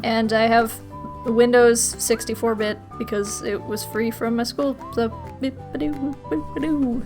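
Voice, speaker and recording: A young woman with a fairly high voice chats through viewer questions in a loose, rambling way. She breaks into giggles often, and faint music plays underneath. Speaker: YouTuber. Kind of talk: casual Q&A vlog.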